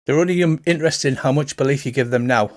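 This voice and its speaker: A man's voice: medium pitch, quick pace, lightly acted. A man voicing a large, sly male priest with a put-on Irish accent, chatty and folksy. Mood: persuasive. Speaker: cleric character.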